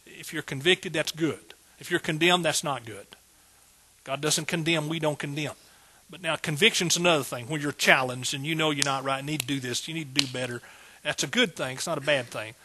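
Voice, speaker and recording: A man's voice: a little high, fairly quick, sharp tone, a little hiss or hum. A man preaching a sermon as pastor, folksy and joking, building to emphatic bursts.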